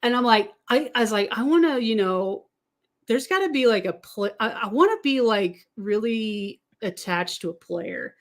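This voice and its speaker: A woman's voice: on the high side, expressive, normal speed. A woman from the Kansas City area chatting casually as a podcast guest, rambling and laughing often. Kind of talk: casual chat about football.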